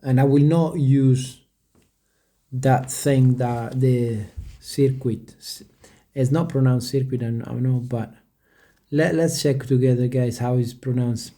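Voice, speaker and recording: Hesitant rambling man, mellow voice. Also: mid-range voice, steady tone, unhurried. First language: not English. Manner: rambling, hesitant, with many restarts; stumbles over word pronunciation. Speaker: vlogger. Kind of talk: casual talk to camera.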